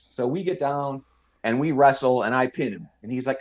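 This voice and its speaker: A man's voice: mid-range voice, fairly quick. A man in his fifties, a guest on a podcast, telling a long story from his army days and acting out other people's lines. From United States. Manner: animated storyteller, mimics other people's voices. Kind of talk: storytelling in a casual interview.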